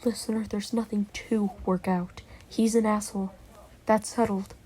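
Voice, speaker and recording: Picture a hot-tempered, protective sibling who curses freely and cuts people down with blunt words, as a woman acts it out. The voice is mellow and warm rather than bright. This is an amateur audio role-play. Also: mid-range voice, flat delivery, normal speed, husky, close to an everyday voice. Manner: blunt, cursing, sharp-tongued.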